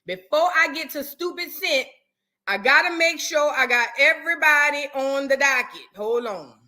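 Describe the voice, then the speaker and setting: New orleans lady hosting a reaction stream, high bright voice, chatty and cussing a lot. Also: moderate pace. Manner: animated, chatty and profane, talking to viewers in chat. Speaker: host of a reaction show. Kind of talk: casual reaction chat.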